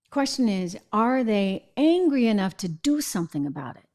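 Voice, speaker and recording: A woman's voice: medium pitch, animated, normal speed. A middle-aged woman from New England hosting a political commentary show, talking emphatically and checking in with viewers. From New England, United States. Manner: emphatic, conversational, asks viewers "right?". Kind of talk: opinionated commentary.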